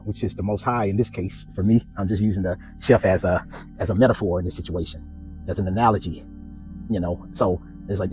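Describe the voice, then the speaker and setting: A man's voice: fairly low pitch, brisk, soft background music, low-quality recording. A man hosting a casual spiritual reflection, telling a story and acting out the voices in it. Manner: animated storytelling, acts out dialogue. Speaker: podcast host.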